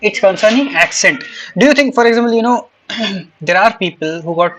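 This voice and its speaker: A man's voice: high voice, animated, moderate pace, fairly bright tone, slight background noise. A man who teaches French, interviewing a student in a hesitant way, full of fillers and restarts. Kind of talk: casual interview.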